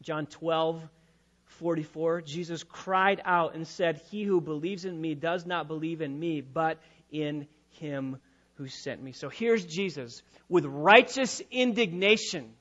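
A male pastor preaching a sermon, dropping to quiet, quick asides and rising to loud, drawn-out emphasis. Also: a little high, muffled recording.

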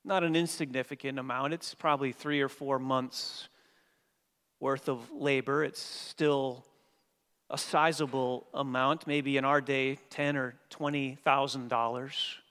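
A man preaching a sermon as pastor, dynamic, swinging from hushed passages to emphatic ones. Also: medium pitch, steady tone, unhurried, clean tone. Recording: long hall reverb.

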